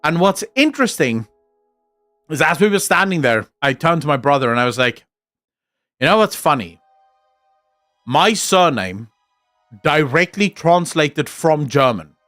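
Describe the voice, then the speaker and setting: A young South African man with a slightly high, somewhat bright voice chats casually on his stream, heard in a dry recording. He reacts as he goes, rambling and swearing freely.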